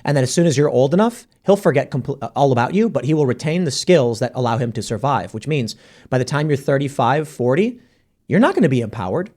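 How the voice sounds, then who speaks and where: A man hosting a podcast, talking in a casual, argumentative panel debate. His voice sits at a middle pitch and comes in quick bursts as he presses his points. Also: lively intonation, a little mellow. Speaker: podcast host.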